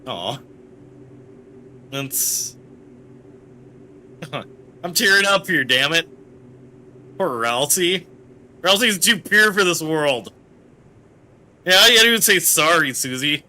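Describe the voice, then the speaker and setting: Male gaming streamer, live commentary, excitable and crude-joking, sharp, bright tone. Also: on the high side, slow, long pauses. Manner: excitable, swears freely, jokey.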